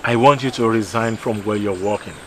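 A man playing a divine voice that calmly commands a man to take up a mission. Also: on the low side, fairly quick, slight background noise, natural voice. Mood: commanding. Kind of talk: film drama dialogue.

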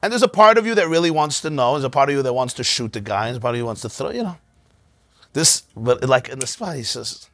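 A man, a rabbi, giving an informal synagogue class, telling stories in a conversational, animated way. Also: medium pitch, fast talker, no room sound. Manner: conversational, storytelling, animated asides.

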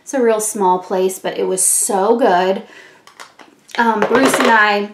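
A woman's voice: mid-range voice, takes it slowly, very noisy. A middle-aged woman chatting casually while doing her makeup, telling stories with plenty of fillers and frequent laughs. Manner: chatty storytelling, laughs often, many fillers. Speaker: beauty vlogger. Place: room at home. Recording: echoey home room.

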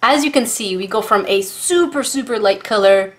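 A young woman chats through an art supply unboxing, bubbly and easily excited. She giggles and repeats herself as she demos markers, her voice sitting mid-range. A faint hiss and the scratch of pens run underneath. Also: mid-range voice, normal speed. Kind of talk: casual unboxing and product demo.

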